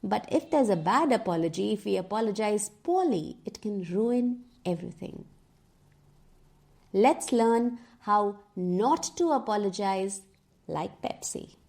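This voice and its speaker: A woman's voice: medium pitch, expressive, unhurried, vocal fry, darkish tone. A woman coaching communication skills in a scripted lesson, emphatic and putting pointed questions to the viewer. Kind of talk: scripted teaching talk.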